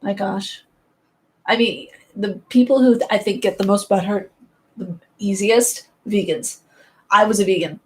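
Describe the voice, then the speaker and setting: A woman's voice: mid-range voice, measured pace, darkish tone. A woman chatting casually with her live-stream viewers, sarcastic and rambling, often breaking into giggles.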